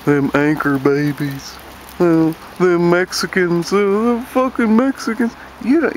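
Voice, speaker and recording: A man from Virginia delivering an angry, profane rant to camera, sneering at opponents and mocking them in shrill put-on voices. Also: fairly bright tone, a little hiss or hum. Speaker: vlogger ranting to camera.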